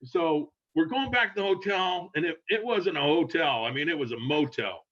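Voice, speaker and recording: A man's voice: on the high side, normal speed. Rambling older man telling a story. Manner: rambling, animated, laughing, acts out quotes in raised voice. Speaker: guest storyteller. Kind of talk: casual storytelling. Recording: dull lo-fi sound.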